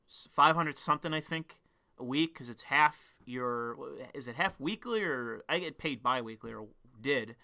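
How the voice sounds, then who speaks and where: A man's voice: on the high side, sharp tone. A man venting in a heated, profane rant to his viewers. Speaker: vlogger. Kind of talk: ranting monologue to camera.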